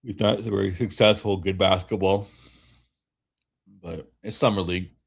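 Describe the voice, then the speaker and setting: A man streaming a watch-along, giving relaxed fan play-by-play while tired and yawning, often restarting his sentences. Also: sits low, moderate pace, creaky, slightly rough. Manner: relaxed, rambling calls with frequent self-corrections. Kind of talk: casual fan play-by-play commentary.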